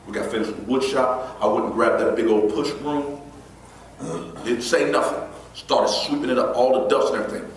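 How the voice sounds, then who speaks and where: A man giving a motivational keynote, telling a personal story in an animated way and acting out the voices in it. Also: medium pitch, fairly quick. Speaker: motivational speaker. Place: large event hall. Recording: echoey hall from far off, faint noise.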